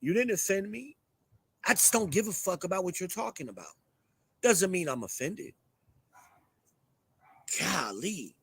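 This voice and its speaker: A man's voice: high-pitched, very animated, moderate pace, creaky, fairly bright tone, breathy edge, no echo. A middle-aged man hosting his own show, ranting bluntly and profanely to a live chat. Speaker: show host.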